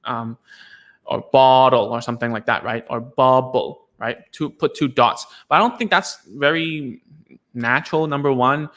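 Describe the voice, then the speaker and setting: A man's voice: mid-range voice, moderate pace, a bit bright. A man, a speech therapist, teaching in a casual live session, chatty and self-deprecating with many fillers and restarts.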